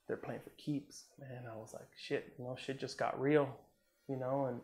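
In a laid-back interview, an Army combat veteran from Southern California tells a war story at normal speed in a mid-range voice. He swears freely, keeps saying "man" and "you know," and performs the quoted lines.

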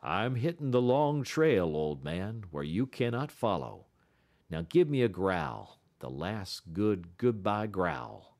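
A man voicing a gold-country traveler who is curt and testy but gentle with his dog. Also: on the low side, animated, slow pace, gravelly, full character voice. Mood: tender.

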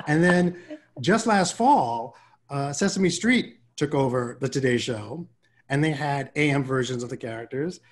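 A man from Harlem, a puppeteer guest, telling stories in a casual video-call conversation, animated and quick to act out quotes and laugh. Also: medium pitch. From Harlem, New York.

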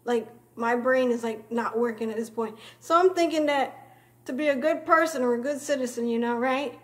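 A woman's voice: on the high side, normal speed. A young woman vlogger telling a story in a rambling, casual way, tossing in "you know" constantly and calling people names.

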